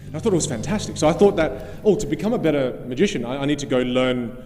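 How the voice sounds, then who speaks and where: A man's voice: medium pitch, expressive, fast talker, warm tone. A man hosting a live event, telling a personal anecdote on stage. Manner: anecdotal, with some restarts. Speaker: event host and speaker. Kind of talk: storytelling stage talk. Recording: long hall reverb, faint music behind.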